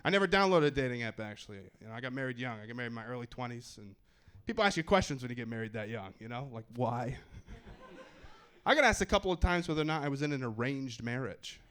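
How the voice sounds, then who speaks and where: A man's voice: medium pitch, animated, quick pace, a bit bright, smooth. A man performing stand-up comedy on a club stage with a handheld mic, wry and self-mocking, with punchy timing.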